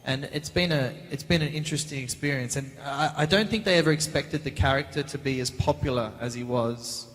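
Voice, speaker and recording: A man, answering fan questions as a guest actor on a convention panel, chatty and animated, recorded on a handheld mic in a large hall. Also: medium pitch, a little fast. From Australia. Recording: reverberant hall.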